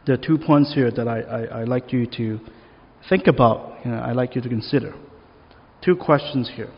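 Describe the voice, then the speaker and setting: A man's voice: mid-range voice, normal speed, slightly rough. A man preaching a sermon in an easy, conversational way, asking the listeners questions. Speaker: pastor. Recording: long reverb, dull lo-fi sound.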